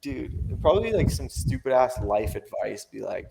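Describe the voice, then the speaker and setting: Young dude guesting on a podcast, raspy gravelly voice, rambles a lot, slangy, swears casually. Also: male voice, medium pitch, very animated, moderate pace, crowd noise.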